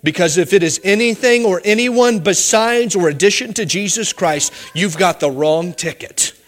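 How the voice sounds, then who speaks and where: A man preaching a sermon, emphatic, his voice rising and then dropping low for stress. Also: normal speed, a bit bright. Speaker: pastor.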